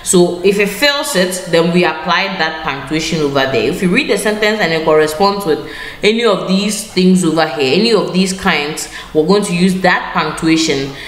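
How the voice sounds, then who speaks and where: A woman's voice: lowish voice, moderate pace. A woman teaching an online grammar lesson over a screen share, patient, repeating key phrases and correcting herself as she goes. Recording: echoey room with faint ambient noise.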